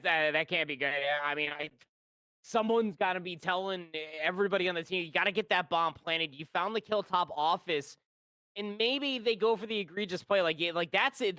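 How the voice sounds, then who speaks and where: A man's voice: high voice, brisk, bright, forceful tone, no room sound. A man giving live esports color commentary, chatty and rambling, with lots of fillers as he breaks down plays. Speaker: esports caster.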